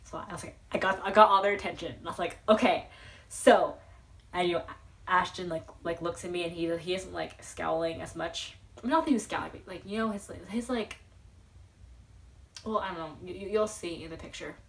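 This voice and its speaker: A young woman telling an excited storytime vlog, rambling and giggly, with lots of fillers and restarts. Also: fairly low pitch, fairly quick, vocal fry, slight background noise. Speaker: vlogger.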